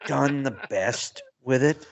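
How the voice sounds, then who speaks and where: A man's voice: mid-range voice, slow pace, creaky. A man co-hosting a podcast, chatting casually and rambling with chuckles. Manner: rambling, chuckles through points. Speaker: podcast co-host. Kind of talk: casual chat.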